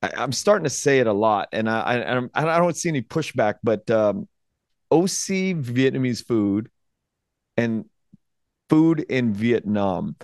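A middle-aged man hosting a podcast, talking in a relaxed, halting way with frequent restarts. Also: mid-range voice, no room sound, studio quality. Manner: relaxed, hesitant, many restarts. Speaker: podcast host. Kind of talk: casual interview conversation.

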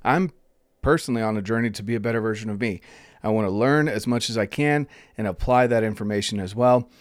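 A man's voice: lowish voice, quick pace, dry recording. A man hosting a podcast, talking in an upbeat, rambling way as he introduces his guest and reads out his sponsors. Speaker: podcast host.

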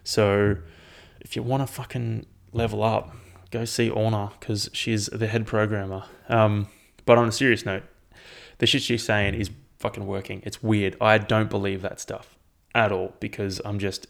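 Young man, casual rambling host, swears freely, gravelly and a bit low. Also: level tone, moderate pace. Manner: rambling and profane, with frequent ums. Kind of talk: casual chat.

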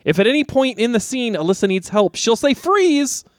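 A man's voice: extremely high pitch, very animated, moderate pace, dry recording, clean studio sound. A man hosting an improv comedy podcast, upbeat as he sets up games and scenes. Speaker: host.

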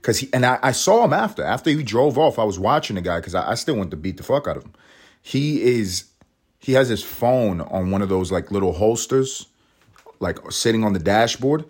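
A man with a lowish voice tells a story on his podcast. He is animated and profane, and he swears through nearly every sentence. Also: a little fast, breathy edge. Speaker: podcast host. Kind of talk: storytelling monologue.

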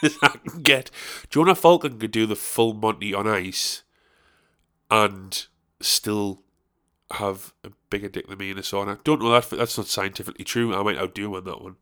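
A man's voice: lowish voice, normal speed, a bit bright, smooth. A young man hosting a solo podcast, rambling casually with crude, self-mocking jokes. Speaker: podcast host.

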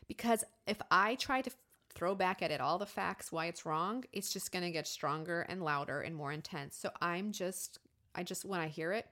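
A woman in her thirties co-hosting a podcast, telling a personal story candidly and acting out her inner voices with sudden jumps in pitch. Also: fairly bright tone. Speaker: podcast co-host.

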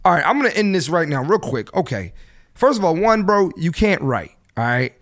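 A man in his thirties hosting a solo podcast, ranting bluntly in casual slangy talk and swearing freely, his voice jumping higher when he gets fired up. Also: normal speed. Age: 30s. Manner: animated, voice jumps up high when fired up. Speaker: podcast host.

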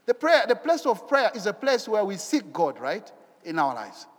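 A man preaching a sermon in an animated way, asking rhetorical questions and repeating his phrases. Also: high-pitched, moderate pace, in a large hall.

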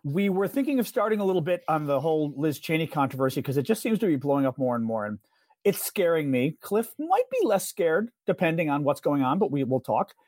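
Wry, slightly high-voiced male podcast host. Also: very animated, fairly quick, a little mellow, no echo, clean studio sound. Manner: joking, rambling asides. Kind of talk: casual political podcast chat.

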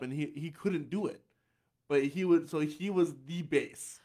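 A man's voice: fairly high pitch, fairly even intonation, measured pace, a little mellow. A man with a light tenor voice hosting a podcast, chatting casually, often restarting his sentences and laughing easily. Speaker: podcast host. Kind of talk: casual chat.

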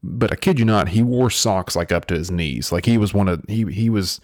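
A man's voice: on the low side, a little fast, dry recording, studio quality. A young man, the podcast host, telling stories in a rambling, casual way, full of fillers and restarts. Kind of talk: casual storytelling chat.

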